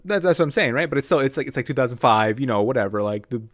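A man's voice: mid-range voice, expressive, racing, no echo, clean studio sound. A young man chatting casually, ranting with lots of swearing and acting out quoted characters in mocking voices. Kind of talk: casual podcast chat.

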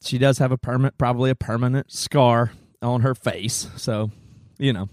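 A man's voice: medium pitch, steady tone, normal speed, darkish tone, dry recording, clean studio sound. Self-mocking, joking male co-host. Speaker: podcast co-host. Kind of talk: casual chat.

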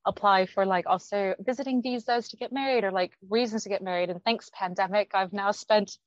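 A woman's voice: medium pitch, fairly even intonation, fairly quick, no echo. A young American woman from Arizona whose speech has picked up some British pronunciation, chatting and telling stories as an interview guest. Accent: American with some British pronunciation picked up from living in London. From Arizona, United States. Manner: chatty, storytelling, laughs at own anecdotes. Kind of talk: casual interview chat. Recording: dull, slightly lo-fi, dry sound.

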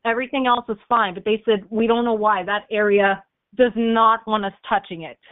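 A young woman chats as a podcast guest, telling her stories with lots of fillers and laughter. Her voice sits at a middle pitch for a woman. The sound is thin and tinny, like a phone call. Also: moderate pace, no echo. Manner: animated storyteller who laughs often, with fillers like "like" and "um". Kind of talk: casual storytelling on a podcast.

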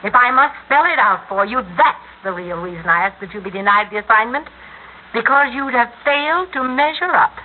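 A woman's voice: fairly high pitch, animated, a little fast, close to an everyday voice. A woman playing a domineering, smothering wife. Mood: imperious. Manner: imperious and possessive. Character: domineering, doting middle-aged wife and mother. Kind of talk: 1950s radio acting. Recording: tinny old radio recording, faint hiss.

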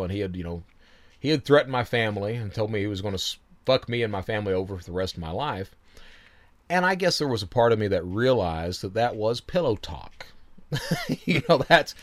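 A man telling his story in a casual interview, animated, laughing often and swearing freely. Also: on the low side. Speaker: guest.

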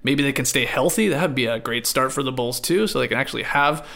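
A man's voice: medium pitch, quick pace, creaky, bright, forceful tone. A man hosting a sports panel, upbeat and playful as he hands questions to guests. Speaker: host.

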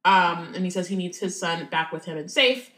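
Her voice is on the low side and a bit bright, moving at a moderate pace as she co-hosts a chatty podcast. She says "like" constantly and swears casually, and the recording carries a roomy echo.

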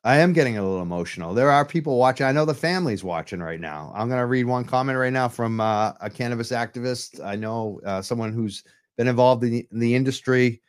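A man's voice: mid-range voice, fairly quick, smooth. A man from hosting a live-streamed talk show from home, speaking with urgent, impassioned advocacy into his computer mic while on camera. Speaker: livestream show host. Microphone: computer mic while on webcam.

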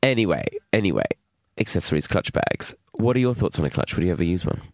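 A middle-aged man in casual comedic chat. His voice sits low but swings widely in pitch, and he teases wryly with drawn-out emphasis. The sound is dry and close to the mic. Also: very animated, no room sound. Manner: teasing, wry, drawn-out emphasis. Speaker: comedy podcast co-host.

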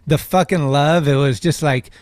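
A man's voice: fairly high pitch, normal speed, a little mellow, no echo, clean studio sound. A man hosting a podcast in an easygoing, casual way, laughing along and asking loose questions. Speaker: podcast host. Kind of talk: casual chat.

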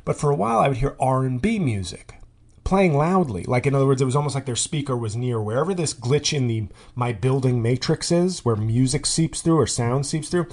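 A man's voice: medium pitch, expressive, a little fast, darkish tone. Rambling man doing a comic monologue. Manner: rambling, tangent-prone, with frequent fillers and restarts. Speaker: podcast host. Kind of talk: comedic monologue.

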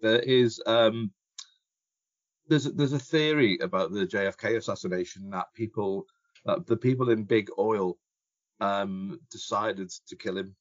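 A male podcast co-host in casual chat, halting and stammering, with dry humour. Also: low-pitched, a bit bright, no echo, dull audio.

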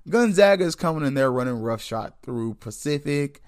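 A man's voice: mid-range voice, expressive, moderate pace, dry recording, clean studio sound. A man hosting a sports podcast, chatting casually and candidly with listeners and cracking jokes. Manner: joking, candid, talks straight to listeners. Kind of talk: casual sports commentary chat.

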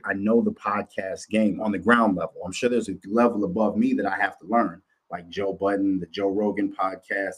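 Husky-voiced blunt man on a livestream. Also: on the low side. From Minnesota, USA. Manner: blunt, profane, repetitive. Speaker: livestream host. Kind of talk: casual livestream monologue.

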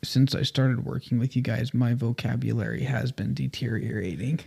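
A man co-hosting a podcast, making dry, deadpan remarks in casual chat. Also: mid-range voice, moderate pace, gravelly, slightly rough. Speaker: podcast co-host.

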